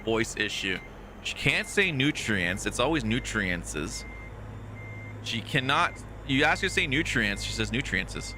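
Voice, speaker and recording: A man's voice: medium pitch, very animated, measured pace, background noise. A man chatting casually during a live game stream, teasing and talking to viewers and people off-mic. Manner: chatty, teasing, talks to chat and off-mic family.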